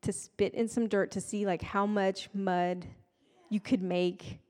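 A woman's voice: mid-range voice, fairly even intonation, takes it slowly, mellow. A woman giving a casual, conversational sermon with playful, self-deprecating asides. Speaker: preacher. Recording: long hall reverb.

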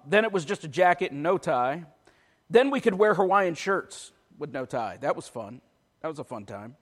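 Male pastor with a high voice, delivering a sermon with humor and rising force; reverberant church sound. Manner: joking asides that build to forceful preaching.

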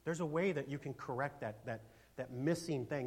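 A man preaching a sermon as pastor, speaking emphatically, asking for amens and swinging from loud declarations to hushed asides. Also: mid-range voice, moderate pace. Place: church.

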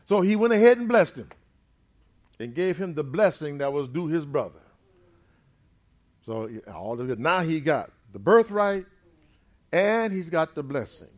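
A man preaching a sermon. He retells a scripture story in his own words, dropping in "amen" and swinging between loud and quiet. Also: a little high, lively intonation, a little slow, pauses often.

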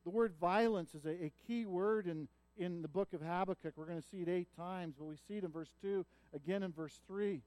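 A man's voice: high voice, brisk, few pauses, darkish tone, no room sound. A man preaching a sermon, teaching in an earnest way that swells when he voices a prophet's cries. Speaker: pastor.

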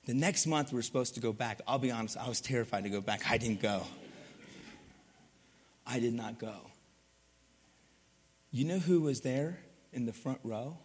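A man preaching, telling a lively story and acting out the voices, then going quiet to drive the point home. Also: on the high side, in a large hall. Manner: animated, acts out voices, drops to quiet for the point. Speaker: pastor. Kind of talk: sermon storytelling.

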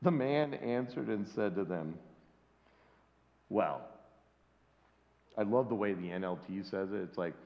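Speaking a little slowly with frequent pauses, a man with a lowish voice delivers a sermon as a pastor, bringing the scripture story to life by voicing its characters. The sound is lo-fi and dull, carrying a long hall reverb.

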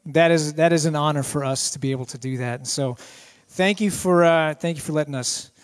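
Guest preacher, male, high-pitched, excitable, jokey, repeats himself. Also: brisk. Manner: excitable, joking, repeats phrases. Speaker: guest speaker at church. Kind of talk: lighthearted sermon. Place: church sanctuary.

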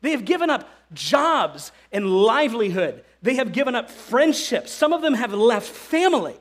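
A man's voice: very high voice, very animated, moderate pace. A male pastor preaching a sermon, speaking animatedly and acting out the disciples' voices.

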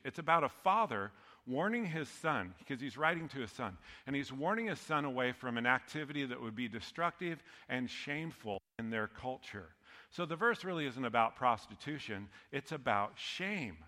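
A man's voice: mid-range voice, pushed and bright. A man preaching a sermon as pastor, conversational and joking, often laughing at his own lines. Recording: long hall reverb.

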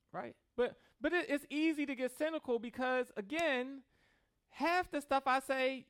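A man's voice: very high-pitched, animated, normal speed, fairly bright tone, clear, resonant tone. A man preaching a sermon as pastor, joking with the congregation and mimicking people in a loose, conversational way.

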